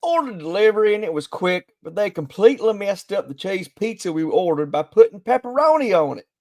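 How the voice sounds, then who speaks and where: A man's voice: on the high side, animated, brisk, darkish tone, no room sound, close to an everyday voice. A man voicing a woman customer as he reads aloud her complaint about bad service. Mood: complaining. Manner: complaining, reading a review aloud. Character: grumpy woman customer with a put-on accent.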